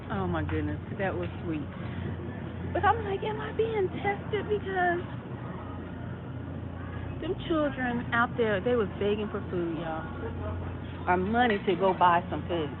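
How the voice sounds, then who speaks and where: A woman talking to her followers on a phone vlog while shopping in a store, rambling and repeating herself as she thinks aloud. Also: fairly low pitch. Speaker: vlogger. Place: inside a store. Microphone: phone held while walking. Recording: tinny phone audio in a noisy store.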